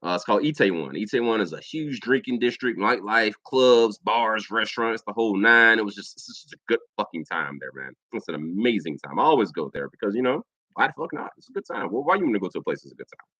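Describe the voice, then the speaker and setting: An American man tells a crude, animated story straight to camera in a casual vlog. His voice is bright and swings widely in pitch. The recording is dry and close, with a slightly dull, muffled top end. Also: fast talker, no room sound. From United States. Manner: profane, animated storytelling with mimicked quotes. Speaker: vlogger, Air Force veteran.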